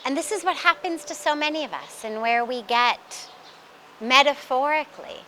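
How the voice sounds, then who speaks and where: A woman spiritual teacher who tells a teaching story in a slow, deliberate, emphatic way. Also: high-pitched, sharp tone, a little hiss or hum.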